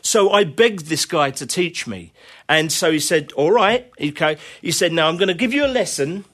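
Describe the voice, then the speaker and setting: A man's voice: on the high side, expressive, normal speed, fairly bright tone. A middle-aged man, a drummer guest, telling long casual anecdotes full of fillers and bursts of laughter. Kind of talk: casual conversational storytelling.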